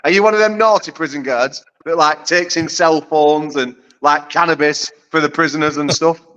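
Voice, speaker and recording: A man's voice: a little high, moderate pace, fairly bright tone, clean tone, highs cut off. A British man trash-talking in a brash, profane, casual chat as a guest on a video call. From United Kingdom. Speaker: arm wrestler guest.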